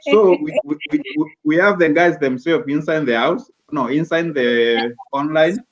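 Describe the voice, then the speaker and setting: A man's voice: on the high side, normal speed. A man co-hosting a live online show, playfully reading out viewer greetings and teasing his co-host. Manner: playful, teasing, mixes English and Swahili. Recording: dull lo-fi sound.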